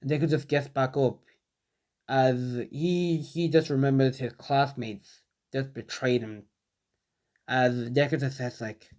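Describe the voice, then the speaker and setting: A young man narrates a fan story in a loose, casual way. He rambles and leans on filler words as he goes. His voice sits at an ordinary middle pitch. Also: steady tone, measured pace, a little mellow. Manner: rambling, many "like" and "just" fillers.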